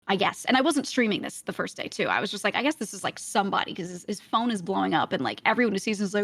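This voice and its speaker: A woman's voice: medium pitch, expressive, fairly bright tone, no room sound. Woman podcast guest, storytelling, laughing often, dry studio sound. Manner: chatty storyteller, quick laughs. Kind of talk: casual chat.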